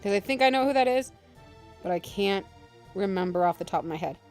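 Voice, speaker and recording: A woman's voice: mid-range voice, lively intonation, fairly quick, soft background music. A woman streamer giving casual, joking commentary on a game playthrough, swearing and laughing easily.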